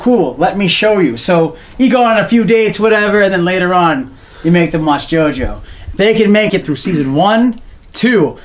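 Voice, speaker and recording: A man co-hosting a podcast in casual, slangy chat, acting out little voices and laughing as he tells stories. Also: high-pitched. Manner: animated, slangy, acts out voices and laughs often. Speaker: podcast co-host.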